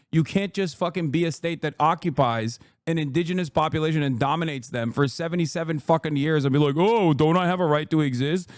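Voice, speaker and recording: A man's voice: fairly high pitch, dry recording, clean studio sound. Blunt, profane male streamer. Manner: blunt, profane, mocking, laughs often. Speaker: streamer reacting to an interview. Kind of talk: casual reaction commentary.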